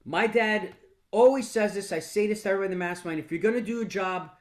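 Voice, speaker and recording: A man's voice: sits high, fast. A man telling motivational stories to a mastermind group, casual and blunt with some swearing, often restarting and repeating words. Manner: casual, blunt, with mild profanity. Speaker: business mentor speaking to a mastermind group. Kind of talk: motivational storytelling talk.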